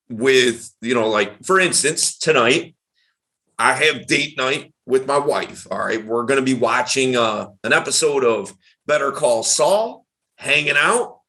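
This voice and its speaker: A man, a dating coach and podcast host, talking in a casual chat with an animated, emphatic delivery. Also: medium pitch. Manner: animated, emphatic, varied tonality.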